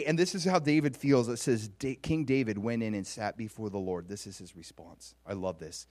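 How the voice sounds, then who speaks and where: A man's voice: lowish voice, normal speed, few pauses, no room sound, studio quality. A man preaching a sermon, asking his listeners questions and acting out scripture with growing feeling. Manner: animated, acts out biblical speech with rising emotion; asks the audience questions and waits for answers. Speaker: pastor.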